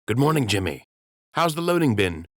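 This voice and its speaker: A man's voice: medium pitch, very animated, normal speed, a bit bright, dry recording, clean studio sound, voice pushed up. A man voicing a loyal, earnest male rabbit captain who speaks steadily.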